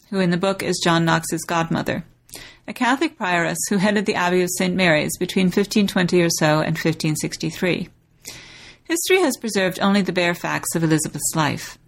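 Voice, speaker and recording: A woman podcast host giving a scripted, friendly introduction to a book interview. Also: lowish voice.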